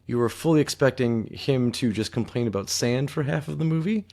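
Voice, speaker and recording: A man's voice: mid-range voice, fairly quick, a little mellow. A man in his thirties co-hosting a podcast, chatting casually about a film with dry joking asides. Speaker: podcast co-host. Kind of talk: casual movie review chat.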